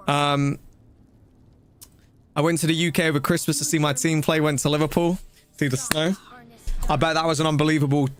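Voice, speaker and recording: A man chatting casually while streaming a game, rambling and breaking into quick exclamations. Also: on the high side. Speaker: gaming streamer. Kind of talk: casual live-stream commentary.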